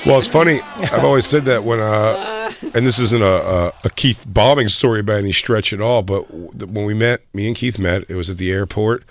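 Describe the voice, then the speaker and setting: A man's voice: lowish voice, normal speed. Man telling laughing comedy stories. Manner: laughing, mimics others in a raised voice. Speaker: comedian co-host. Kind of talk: casual storytelling chat.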